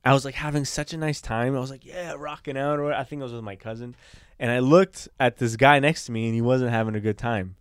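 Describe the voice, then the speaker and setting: Man, podcast co-host, rambling casual story, smooth voice, dry close mic. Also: medium pitch, steady tone, fairly quick, dry recording. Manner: rambling storyteller, laughs easily. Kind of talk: casual comedic chat.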